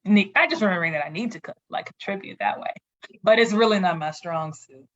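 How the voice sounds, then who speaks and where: Young woman, podcast guest, animated storyteller, dull lo-fi sound. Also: medium pitch, quick pace. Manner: animated storyteller, laughs often, mimics others. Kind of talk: casual podcast conversation.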